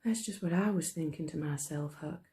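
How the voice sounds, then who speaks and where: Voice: medium pitch, normal speed, dark tone, lightly acted. A teacher reading aloud, voicing a frightened young boy in a put-on American accent, whispering breathlessly. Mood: anxious whisper. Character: frightened boy Tom Sawyer, young, anxious.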